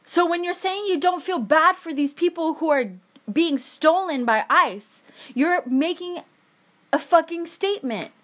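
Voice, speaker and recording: A woman's voice: very high voice, measured pace, a bit bright. A young woman in a heated, emphatic monologue, swearing often as she rants. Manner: angry, swearing, emphatic ranting.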